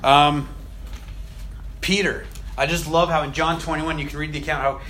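A man in a casual faith discussion who tells scripture stories with energy. He acts out the quoted lines, often laughs, and drops to a soft, low voice on the gentle points. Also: fairly even intonation, moderate pace, slight background noise.

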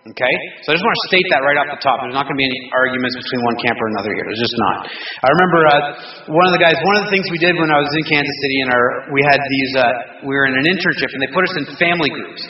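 A man's voice: medium pitch, fast. A man teaching a casual Bible study to a group of men, rambling with restarts, joking and chuckling as he goes. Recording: roomy distant dull recording with faint noise.

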